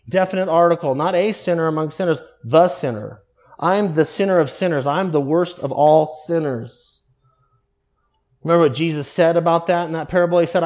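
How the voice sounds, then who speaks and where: A male preacher with a notably high voice delivers an earnest sermon. He sinks low and soft to press a point, then stretches quoted prayers out slowly and deliberately.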